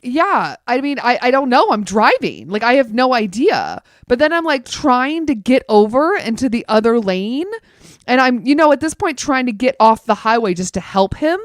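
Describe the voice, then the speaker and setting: A woman in casual podcast chat, telling an animated story full of "like" fillers. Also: fairly high pitch, normal speed, no room sound, clean studio sound.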